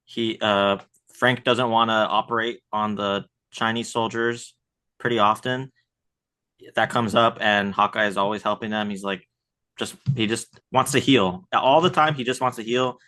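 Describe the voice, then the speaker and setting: A man co-hosting a podcast in casual chat, relaxed and thinking aloud. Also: lowish voice, moderate pace. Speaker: podcast co-host.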